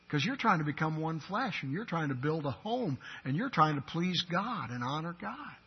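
A preacher with a high, husky voice delivers a sermon, his volume rising to forceful emphasis and dropping to near-hushed asides. The recording is dull and lo-fi. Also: expressive, moderate pace. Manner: swings from loud emphatic preaching to quiet intimate asides. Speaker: pastor.

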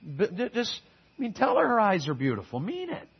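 Fiery preacher, high husky voice. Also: male voice, wildly swooping pitch, brisk, muffled recording. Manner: call-and-response preaching, shifting between loud exhortation and quiet earnest asides. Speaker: guest preacher. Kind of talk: sermon.

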